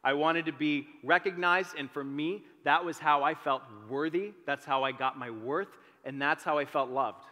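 Bright-voiced young man preaching in a hall. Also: on the high side, moderate pace, hardly any pauses. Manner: storytelling, animated, self-deprecating asides. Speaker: teaching pastor. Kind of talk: testimony sermon. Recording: long reverb of a large hall.

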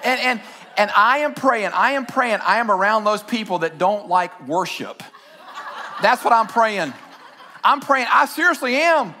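A man pastor delivering a sermon from a church stage. His voice sits high and rings bright and forceful. He mixes scripture reading with excited, shouted storytelling. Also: a little slow, a little hiss or hum.

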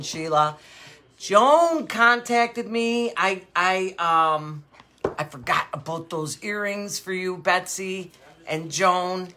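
A woman's voice: lowish voice, slow. An older woman hosting a live jewelry sale show, chatting casually and rambling through stories with frequent laughs. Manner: animated, with many fillers. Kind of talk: casual chat.

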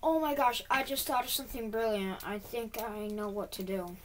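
A woman talking to herself as she plays a building game, quickly frustrated and humming as she works. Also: on the high side, a little hiss or hum. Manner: talks to herself, quickly frustrated, hums while working. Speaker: gaming video creator. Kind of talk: self-talk while playing a game.

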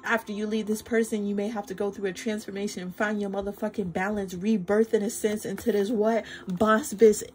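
A tarot reader with a mid-range, slightly mellow voice speaks to her viewers in a casual, effusive reading, with music playing behind her. Flustered and emotional, she curses freely and calls everyone y'all.

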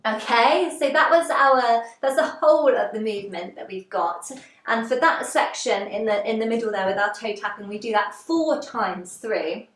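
A woman leading a gentle seated movement class, giving encouraging step-by-step cues. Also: fairly high pitch, normal speed. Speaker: dance and movement instructor. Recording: roomy, echoey room.

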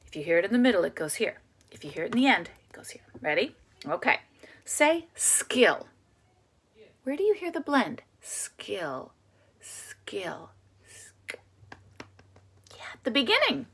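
A woman teaching a phonics lesson to young children, encouraging them and sounding out words slowly and clearly. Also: a little high, sing-song, a bit bright.

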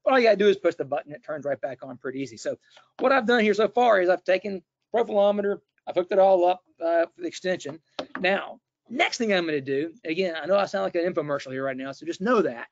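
A man's voice: high-pitched, fast talker. A middle-aged man presenting a webinar, demonstrating a tool in a casual, chatty way with fillers and restarts. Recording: dull, dry, lo-fi webinar audio.

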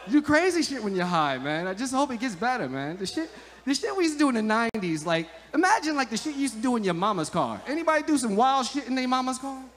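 A man's voice: very high-pitched, sing-song, fast talker, fairly bright tone. A man from New doing a profane, rambling stand-up comedy set on an outdoor club stage, laughing at his own jokes. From New Jersey. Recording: live stage sound with long reverb.

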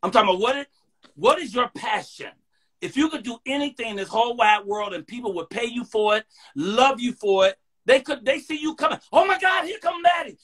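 A male talk show host with a very high, bright voice, playful and quick to laugh. He acts out other people's words as he tells stories. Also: animated, breathy edge. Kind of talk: casual interview chat.

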